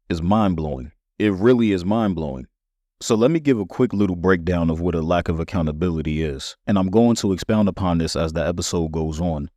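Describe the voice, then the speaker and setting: A man's voice: deep voice, darkish tone, dry recording, studio quality. A man hosting a solo podcast, talking to listeners in a conversational, emphatic way. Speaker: podcast host.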